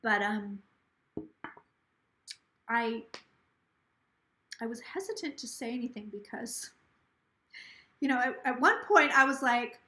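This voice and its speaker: A woman's voice: on the high side, expressive, slow pace, pauses often, pushed and bright, reverberant. A tipsy woman hosting a casual psychic livestream on her phone, rambling and gossipy, swearing freely and slurring a little.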